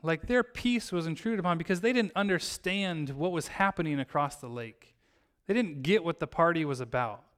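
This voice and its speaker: A man's voice: on the high side, moderate pace, smooth. A man preaching a sermon as pastor, telling a story and acting out its characters' lines in his own voice. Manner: storytelling, acts out the characters' lines with lively shifts.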